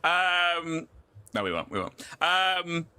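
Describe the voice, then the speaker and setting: A man's voice: on the high side, sing-song, slow pace, bright, forceful tone, clear, resonant tone. A man chatting casually on a livestream as the show's creator, hesitant, with lots of fillers and giggles. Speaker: show creator and game master.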